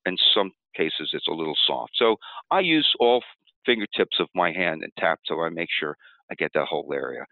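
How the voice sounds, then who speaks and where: Male tapping teacher, low voice, patient demo style, heard through a narrow phone-line sound. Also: fairly quick, vocal fry, no echo. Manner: calm, explanatory, acts out upset self-talk while tapping. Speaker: tapping technique instructor. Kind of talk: demonstration walkthrough. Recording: tinny phone-like audio, dry.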